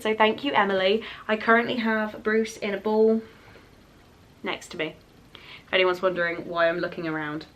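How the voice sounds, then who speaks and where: A woman's voice: medium pitch, a bit bright. A young woman chatting to camera at home as a book vlogger, effusive and talking to her pet between thoughts. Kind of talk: casual chat to camera.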